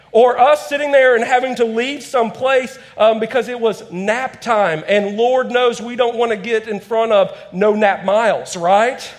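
Man, thirties, pastor, sermon in church, high-pitched, storytelling, acted-out quotes.

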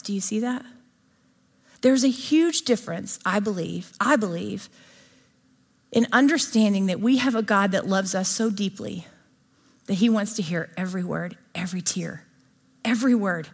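A woman preaching a sermon to a live audience in a conversational way, often asking her listeners questions. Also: medium pitch. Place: church or gathering before an audience.

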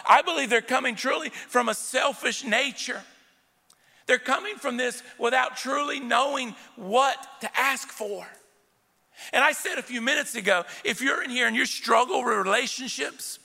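A male preacher delivers an emphatic sermon, calling out to the congregation again and again. His voice sits high and carries a gravelly edge. It rings with long reverb through the sanctuary. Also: sharp tone. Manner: emphatic, direct calls to the congregation. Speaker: pastor. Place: church sanctuary with a live congregation. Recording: long church hall reverb.

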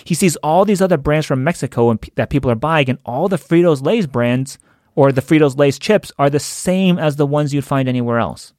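A man's voice: a little high, fairly quick, a little mellow, no room sound, clean studio sound. A man in a conversational storytelling talk who chuckles as he goes. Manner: conversational, chuckles while telling.

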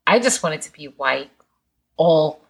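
A woman's voice: sits low, expressive, a little slow, creaky, breathy edge. A woman from England, talking candidly in a casual podcast chat, laughing often and swearing freely.

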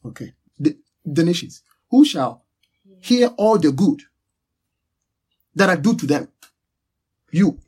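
A man's voice: on the high side, animated, takes it slowly, long pauses, darkish tone, slightly rough, poor audio. A man preaching a sermon, teaching with emphatic repetition and call-and-response with his listeners.

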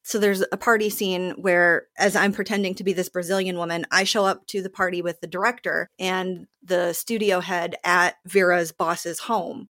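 A woman with a slightly low voice, speaking as a guest in a casual interview. She tells the story animatedly and now and then acts out other people's lines. The sound is dry and close. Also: level tone, moderate pace, few pauses, a bit bright, no echo. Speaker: actor in the play.

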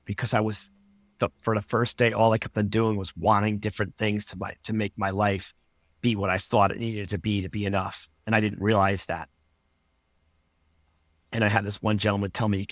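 A man's voice: on the low side, level tone, fairly quick, dry recording, clean studio sound. A man, a podcast guest, telling his personal story in an earnest, reflective way.

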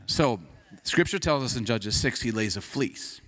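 Lively, joking male pastor preaching. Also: medium pitch, measured pace. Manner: animated, humorous, conversational storytelling. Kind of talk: sermon.

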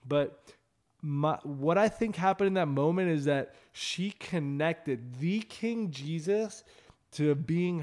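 A man's voice: fairly high pitch, darkish tone. A man hosting a ministry show, telling an evangelism testimony in an earnest, rambling way with many fillers and restarts.

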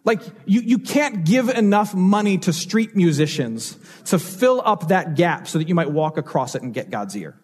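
A man's voice: high-pitched, very animated, normal speed, few pauses, a little mellow, slightly rough. A man preaching a sermon as pastor, telling stories and asking rhetorical questions with changing emphasis.

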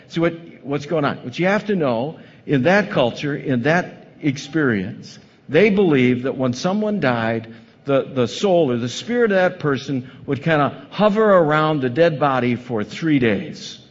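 A male pastor preaching a sermon dramatically, swinging from loud emphasis to hushed tones in a large hall on a dull, lo-fi recording. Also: fairly high pitch, animated, unhurried.

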